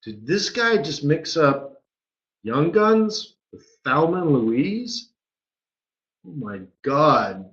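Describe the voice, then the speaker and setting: A slightly high, sing-song, somewhat bright male voice moves slowly. This forex market strategist talks casually during a live trading webinar, frequently asking "right?" rhetorically, in dull lo-fi audio.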